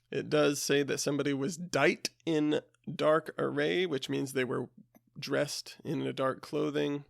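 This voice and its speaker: Podcast host, man, casual chatty explainer, a bit high, gravelly. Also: no echo, studio quality. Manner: conversational, with fillers and asides. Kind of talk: casual explanation of old words.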